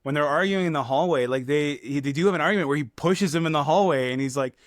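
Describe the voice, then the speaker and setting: A man's voice: a little high, fast, no room sound, studio quality. A man co-hosting a film podcast, chatting casually and rambling, swearing freely and acting out movie lines as he goes. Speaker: podcast co-host. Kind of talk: casual film review chat.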